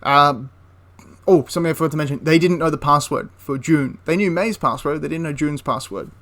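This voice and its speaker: Rambling male history storyteller, higher voice. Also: a little fast, a bit bright. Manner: rambling, with frequent restarts and asides. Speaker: history channel host.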